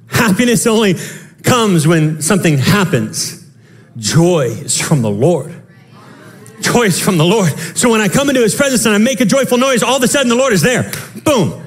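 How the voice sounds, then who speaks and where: Man, pastor, sermon, high voice, impassioned, quick asides, shouts. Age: young adult to middle-aged, father of children.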